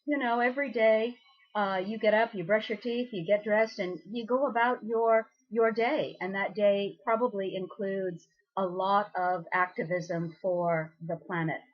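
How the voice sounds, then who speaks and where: A woman's voice: medium pitch, fairly even intonation, unhurried, muffled recording. A woman speaking as a temple priestess, giving an earnest, encouraging message straight to her listeners in a loose, unscripted way. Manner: loose and unscripted, with many ums and uhs. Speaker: presiding priestess of a goddess temple. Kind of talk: inspirational recorded message.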